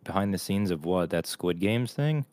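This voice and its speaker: A man's voice: deep voice, expressive, moderate pace, darkish tone, no room sound, studio quality. A young man co-hosting a podcast in casual chat, swearing and teasing in crude banter. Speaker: podcast co-host.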